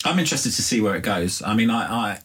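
A man hosting a casual podcast chat at home, rambling and animated, swearing freely. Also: fairly low pitch, fast talker, slightly rough. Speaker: podcast host.

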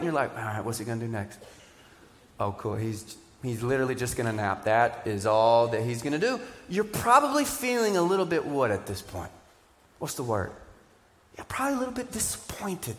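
A man preaching a sermon, animated and joking, asking the crowd questions. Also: fairly high pitch. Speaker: pastor. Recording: live church sermon with hall reverb.

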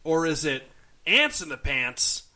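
A man's voice: on the high side, very animated, slow pace, bright, forceful tone. A man hosting a podcast movie-tagline quiz, playful and teasing, laughing often between questions. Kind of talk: casual podcast banter.

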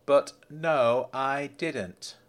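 A man's voice: medium pitch, animated, moderate pace, a bit bright, close to an everyday voice. A man voicing a firm, insistent wealthy businessman in a storybook reading. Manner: blunt and insistent.

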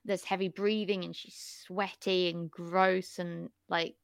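A woman's voice: on the low side, level tone, slow pace, creaky, dry recording, studio quality. A woman co-hosting a podcast in casual chat, talking in hesitant, chatty runs. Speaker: podcast co-host.

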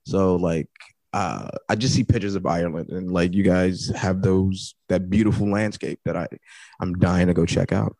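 A man's voice: deep voice, fairly even intonation, moderate pace, gravelly, a little mellow, no room sound. A man from the United States, a podcast guest, chatting in a laid-back way, laughing easily and saying "like" a lot. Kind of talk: casual chat.

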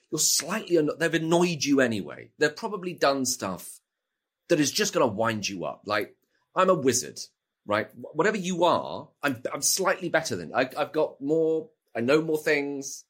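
A man, a voice actor, answering interview questions and telling anecdotes with lively acted-out asides. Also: on the high side. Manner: animated storyteller, acts out quoted lines. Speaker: video game voice actor, guest.

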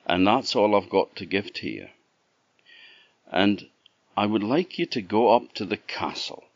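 A Scottish man voicing a poor old dying mother who speaks softly to her daughters. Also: low-pitched, no room sound, dull audio, full character voice.

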